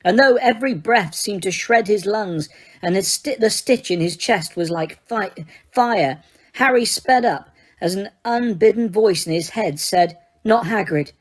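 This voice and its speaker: A woman reading a fantasy novel aloud as an audiobook, in steady, dramatic storytelling. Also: medium pitch, a little slow. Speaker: audiobook reader. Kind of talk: audiobook narration.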